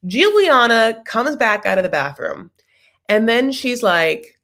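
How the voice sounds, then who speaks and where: A woman's voice: a little high, sing-song, slow, fairly bright tone. Sassy chatty woman recapping TV. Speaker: host. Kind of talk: casual TV recap chat.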